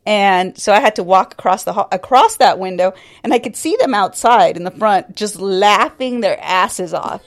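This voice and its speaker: A woman's voice: medium pitch, animated, moderate pace, few pauses. A woman co-hosting a podcast, telling a story in a wry way, laughing often and swearing casually. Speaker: podcast co-host.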